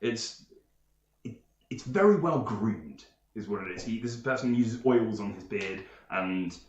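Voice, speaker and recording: A man's voice: lowish voice, animated, unhurried, echoey room, highs cut off. A man narrating as game master in a tabletop game, rambling and chuckling, with frequent restarts.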